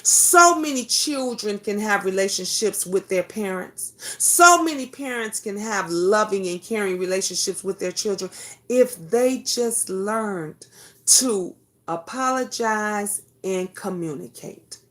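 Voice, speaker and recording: A woman's voice: mid-range voice, measured pace, fairly bright tone. A middle-aged woman hosting a talk show, giving an emotional, profane and preachy monologue. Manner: preachy, lecturing. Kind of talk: impassioned monologue.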